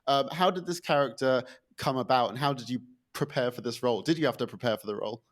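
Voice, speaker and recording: A male podcast host with a mid-pitched voice asks his guest questions. His manner is polite and measured. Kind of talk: interview questions.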